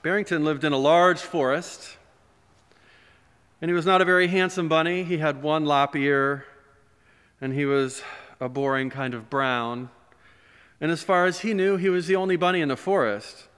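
A man, a pastor, telling a story during a sermon in a gentle, animated way, recorded in a church. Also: a little high, normal speed, long pauses, clear, resonant tone. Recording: long church reverb.

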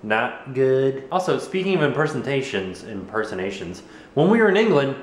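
A man's voice: medium pitch, big pitch swings, moderate pace, a little hiss or hum. A young American man vlogging at home in a goofy, rambling, jokey way. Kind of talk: casual vlog chat to camera. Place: home living room. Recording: echoey room.

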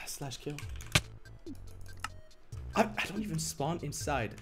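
A young man streaming a game, complaining and swearing, muttering low one moment and shouting the next. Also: lively intonation, takes it slowly. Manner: frustrated, swearing, swings from mumbling to shouting. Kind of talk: live gameplay commentary. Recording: game music behind the voice. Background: game music.

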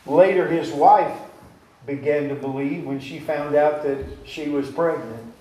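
A man's voice: a little high, measured pace, mellow, far from the mic, slight background noise. A male pastor delivering a sermon to his congregation, asking them questions and retelling scripture in plain, folksy words. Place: church sanctuary. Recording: echoey church recording from afar.

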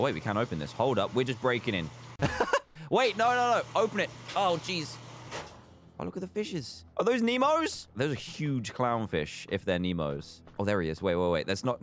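A young British man giving joking, animated commentary while playing a video game. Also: lowish voice. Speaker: gaming video host. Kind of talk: let's play commentary.

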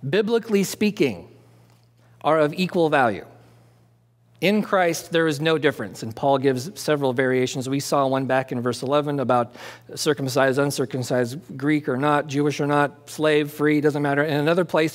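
A man preaching an expository sermon as pastor, conversational and animated, asking and answering his own questions and dropping jokey asides. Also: fairly high pitch. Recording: long hall reverb.

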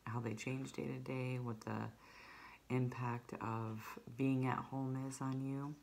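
A woman's voice: very deep voice, flat delivery, takes it slowly, gravelly, darkish tone. A woman teacher reading a children's novel aloud to her students, talking casually with many fillers.

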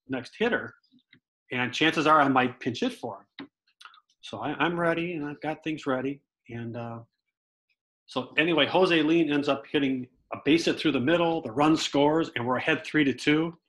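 A middle-aged man telling lively stories as a guest, a former baseball player. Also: fairly high pitch, low-quality recording. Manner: animated, lively storyteller. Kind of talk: storytelling anecdotes.

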